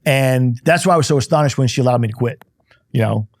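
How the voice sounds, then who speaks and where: A man's voice: mid-range voice, fast talker, a little mellow, no room sound. A man in his fifties, a podcast guest, telling his life story in a candid, blunt way, acting out the dialogue. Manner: candid, blunt storyteller who acts out dialogue and swears lightly. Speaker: guest, insurance company CEO. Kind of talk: storytelling in casual conversation. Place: podcast studio.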